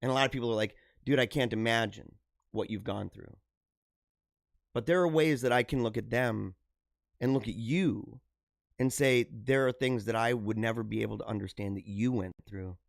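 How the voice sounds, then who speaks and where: A middle-aged man hosting a live show, talking earnestly and haltingly to his viewers, often repeating himself and restarting phrases. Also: medium pitch, gravelly, dry recording, studio quality. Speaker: livestream show host. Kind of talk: emotional personal monologue to viewers.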